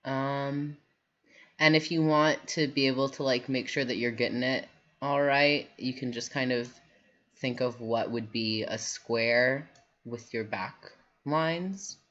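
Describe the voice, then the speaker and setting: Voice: medium pitch, steady tone, takes it slowly, a bit bright. Rambling drawing instructor, muffled audio. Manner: rambling, self-deprecating, many fillers. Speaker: workshop instructor. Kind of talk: live drawing tutorial.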